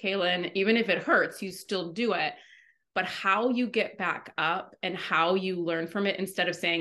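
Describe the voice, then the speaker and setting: A woman's voice: fairly low pitch, fairly even intonation, a little slow, bright, forceful tone. A woman co-hosting a wellness podcast, talking frankly and emotionally about bad days and often acting out her own past words. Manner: frank and emotional, quoting herself dramatically. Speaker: podcast co-host. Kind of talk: candid wellness podcast chat.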